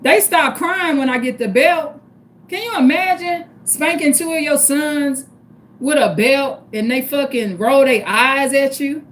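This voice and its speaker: A woman's voice: high voice, a little slow. A middle-aged woman, hosting a livestream in blunt, profane casual talk that keeps calling her viewers y'all. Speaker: livestream host.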